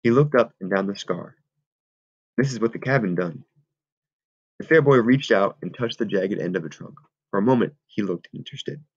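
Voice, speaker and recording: A man reading a novel aloud in a steady, measured way. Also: on the low side, no room sound. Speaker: audiobook reader. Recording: dull lo-fi recording.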